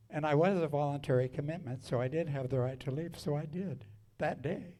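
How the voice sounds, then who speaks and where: On stage at a live music venue, a singer in his seventies tells stories between songs, frank and wry with crude jokes. His voice is a little high and dark-toned, and he talks a little fast with hardly any pauses.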